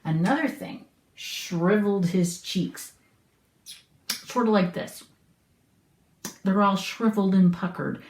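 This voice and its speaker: A woman's voice: medium pitch, dark tone, roomy sound. A middle-aged woman teaching an online homeschool lesson, explaining patiently and asking the viewer questions.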